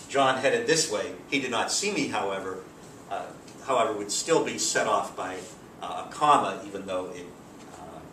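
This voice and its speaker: A man teaching a grammar lesson in a relaxed, explanatory way with frequent fillers, recorded from a distance. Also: on the low side. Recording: roomy, distant mic, faint background hiss.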